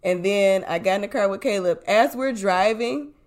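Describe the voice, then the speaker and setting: A woman chatting casually in a middle-pitched voice. She breaks into her husband's story with quick, teasing remarks. Her tone is relaxed and familiar. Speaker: co-host, wife. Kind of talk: casual chat vlog.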